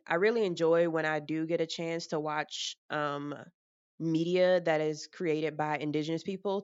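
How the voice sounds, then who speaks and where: Frank, low-voiced young woman musing aloud. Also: clean tone, dry recording, highs cut off. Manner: frank and rambling, with mild swearing. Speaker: vlogger. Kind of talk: casual personal talk.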